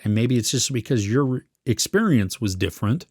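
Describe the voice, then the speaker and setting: A man's voice: medium pitch, lively intonation, fairly quick, a little mellow, no echo, clean studio sound. A man co-hosting a podcast, chatting casually about a series he watched and searching for his words as he goes. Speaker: podcast co-host. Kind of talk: casual film review chat.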